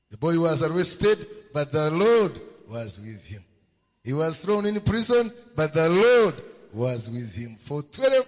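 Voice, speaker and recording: A male preacher telling a sermon story, with call and response and emphatic refrains he repeats again and again. His slow delivery swoops high and low, and his voice is husky. The sound carries the long reverb of a large hall.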